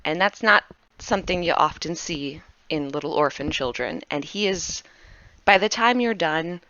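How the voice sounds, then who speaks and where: A woman narrating as game master of a tabletop game, animated and chatty. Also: sits low, no echo, lo-fi sound. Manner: animated, chatty, quick to laugh.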